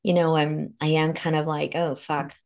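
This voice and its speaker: A woman's voice: low voice, level tone, normal speed, creaky, a little mellow. A woman who co-hosts a podcast and works as a life coach. She talks frankly and with open emotion, and she swears freely as she tells her story. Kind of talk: candid conversational podcast talk.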